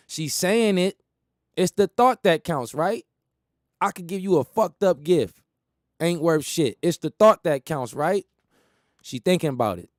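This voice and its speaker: A man's voice: high voice, a little mellow, no room sound, clean studio sound. Emphatic man riffing on talk radio. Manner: rambling, emphatic, repeats phrases, laughs at his own jokes. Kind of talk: casual monologue.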